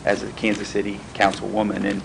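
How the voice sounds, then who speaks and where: A man with a fairly low voice introduces a guest at a school board meeting. He speaks haltingly, with many fillers and restarts. Faint room noise hums underneath. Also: monotone, vocal fry, rough recording.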